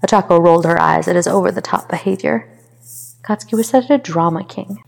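A woman reading a fan fiction story aloud with expressive narration. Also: lowish voice, fairly quick, creaky, in a large hall.

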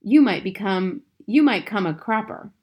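A woman voicing an eager young boy who has been turned into a mouse, excitedly asking questions in a storybook reading. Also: mid-range voice, normal speed, slightly rough.

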